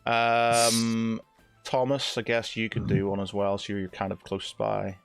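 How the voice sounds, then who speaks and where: A man's voice: on the low side, completely flat delivery, a little slow, gravelly, clear, resonant tone, dry recording, soft background music. A man acting as game master, narrating casually with lots of fillers and restarts. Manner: rambling, filler-heavy, self-correcting.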